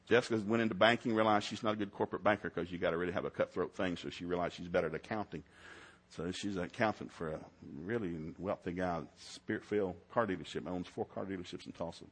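A man's voice: deep voice, fast, slightly rough. A middle-aged man, preaching a sermon in a folksy storytelling way. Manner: folksy storytelling, swings to loud shouted preaching. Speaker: pastor.

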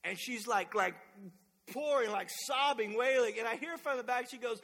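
High bright-voiced man preaching in a hall. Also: normal speed. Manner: animated storytelling, acts out quotes loudly. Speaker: pastor. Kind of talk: sermon. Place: church sanctuary. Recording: long hall reverb.

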